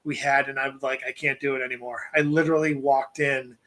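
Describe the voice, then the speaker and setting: A man's voice: medium pitch, level tone, fast, a bit bright. A man co-hosting a casual podcast chat, joking and swearing freely. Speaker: podcast co-host.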